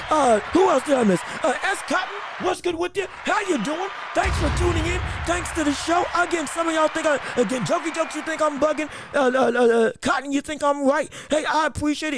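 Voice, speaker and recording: A woman's voice: high voice, a little fast, few pauses, noisy background. Emphatic, rambling woman podcast host. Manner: rambling, repeats herself, greets chat viewers; emphatic and opinionated. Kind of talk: live-streamed sports commentary.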